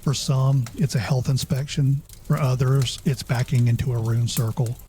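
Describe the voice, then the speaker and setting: A man hosting a comedy interview, asking questions in a measured, mock-serious way. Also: mid-range voice, steady tone, mellow, slight background noise. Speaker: host.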